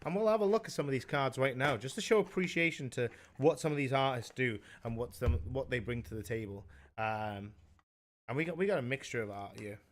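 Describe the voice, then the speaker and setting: A relaxed man co-hosting a loose live stream. His voice sits at an ordinary pitch. He talks through a webcam call, rambling and cursing, and often leaves his sentences hanging. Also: brisk. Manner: laid-back, swears freely, trails off mid-thought. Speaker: co-host. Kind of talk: casual live-stream chat.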